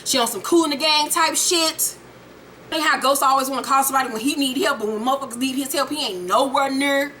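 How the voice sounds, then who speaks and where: A young woman casually recapping a TV episode, profane and animated, acting out the characters as she retells scenes. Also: high voice, fast talker, slight background noise. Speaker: TV recap reviewer.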